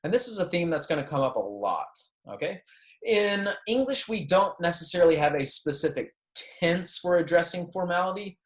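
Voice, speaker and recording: A man's voice: a little high, reverberant. A man teaching a beginner Spanish lesson, repeating phrases for students and checking in with "okay?" and "right?", with light joking asides. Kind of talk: recorded classroom lecture.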